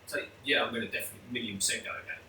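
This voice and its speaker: A man's voice: mid-range voice, racing, sharp tone, slight background noise. A man talking openly and emotionally as a guest, with many restarts. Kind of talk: candid conversational interview. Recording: echoey room, mic at a distance.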